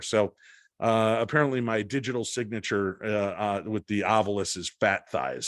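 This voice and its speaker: A man's voice: fairly low pitch, normal speed, no room sound, studio quality. A man, a paranormal investigator, telling an anecdote as a podcast guest and acting out the quoted lines. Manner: animated storyteller acting out quotes. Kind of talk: storytelling in a podcast interview.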